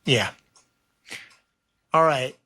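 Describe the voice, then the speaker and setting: A man's voice: medium pitch, lively intonation, very slow, bright, forceful tone. A man hosting an interview podcast, reassuring and encouraging his guest. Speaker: podcast host. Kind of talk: casual interview.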